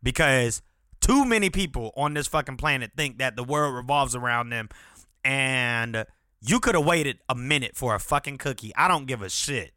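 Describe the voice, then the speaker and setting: A man in his thirties hosts a solo podcast on a podcast mic without headphones, telling a casual, profane story that keeps flaring into irritation. His medium-pitched voice is animated, bright, forceful, clear and resonant at a moderate pace. The recording is dry and studio quality.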